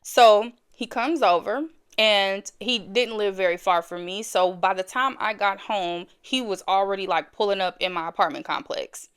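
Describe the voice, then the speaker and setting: Smooth-voiced woman telling a personal story. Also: medium pitch, normal speed, hardly any pauses, a bit bright. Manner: chatty, speaks straight to the viewers and repeats phrases for emphasis. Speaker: storyteller host.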